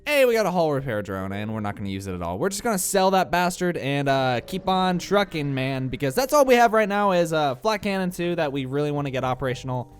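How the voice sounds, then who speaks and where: A man's voice: on the high side, very animated, fast, faint music behind. A young man from the American Midwest with a Midwestern accent, rambling through casual let's-play commentary with many filler uhs, his voice a bit congested from allergies. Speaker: gameplay commentator.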